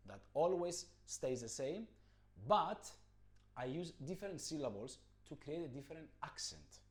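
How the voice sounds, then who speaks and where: Patient man with a lively voice. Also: a little slow. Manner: patient, explanatory, chants rhythm syllables loudly and high. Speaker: music teacher. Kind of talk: rhythm lesson with spoken counting syllables.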